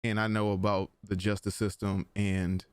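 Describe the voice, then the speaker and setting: A young man co-hosting a podcast in casual chat, telling stories with lots of laughter and sudden excited jumps in pitch. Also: normal speed, smooth, dry recording. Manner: animated storyteller, laughs often, jumps into high excited bursts. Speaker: podcast co-host.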